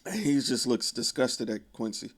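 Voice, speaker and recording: A man's voice: medium pitch, expressive, normal speed, breathy edge. A man casually retelling a film plot in a profane, conversational way with wry asides. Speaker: video creator.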